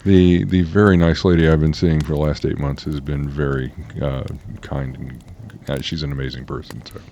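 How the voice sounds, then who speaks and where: A man's voice: rumbling low, fairly even intonation, moderate pace, gravelly, warm tone, muffled recording. A man from Alabama co-hosting a casual podcast, rambling in a wry, self-mocking way. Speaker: podcast co-host.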